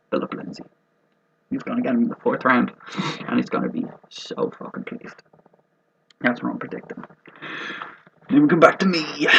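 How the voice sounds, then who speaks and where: In a dull lo-fi recording, a man hosts a fantasy football mock draft video, joking around, rambling, and swearing as he comments casually. His voice is mid-range and slightly rough, with vocal fry.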